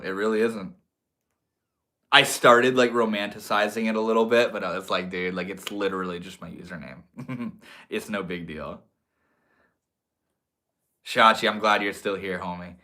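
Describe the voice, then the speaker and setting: A man's voice: lowish voice, sharp tone. A young man hosting a livestream, chatting casually with viewers in a laid-back, slangy way. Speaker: livestream host.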